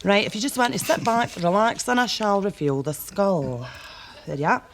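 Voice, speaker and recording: A woman's voice: mid-range voice, animated, moderate pace, slight background noise, lightly acted. A performer with a Scottish accent playing a vague, theatrical older woman fortune teller. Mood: mysterious. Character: dotty old female fortune teller.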